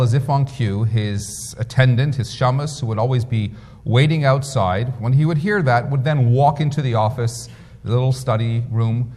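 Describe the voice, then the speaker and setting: A man, a rabbi, giving a lecture that moves between storytelling and measured rhetorical questions put to his audience. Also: medium pitch, a little mellow. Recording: lecture hall with long reverb.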